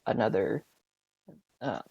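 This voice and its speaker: Slow-talking laughing game master. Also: male voice, a little mellow, dry recording, highs cut off. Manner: laughs often, rambling explanations. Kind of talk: narrating a tabletop game.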